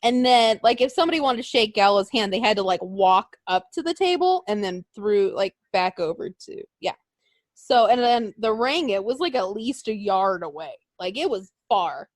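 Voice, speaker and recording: A woman's voice: medium pitch, normal speed, no echo. A woman co-hosting a podcast, chatting casually and telling stories with lots of fillers. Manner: animated storytelling, acts out voices, frequent fillers. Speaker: podcast co-host. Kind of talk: casual chat recapping wrestling.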